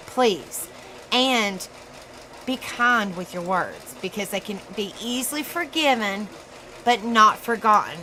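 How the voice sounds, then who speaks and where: A woman with a Southern US accent hosting a casual live stream, chatty and laughing at herself often, in a dark room. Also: mid-range voice, a little hiss or hum, poor audio. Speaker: livestream host.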